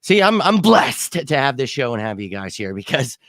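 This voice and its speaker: A man in the middle of an angry postgame rant, irate and still shaken, tripping over his words and starting over. His voice sits at an ordinary pitch and is recorded close and dry, with no room sound around it. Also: very animated, normal speed, fairly bright tone, no room sound. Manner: angry, exasperated rant with frequent restarts. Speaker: podcast host. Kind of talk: postgame fan reaction talk.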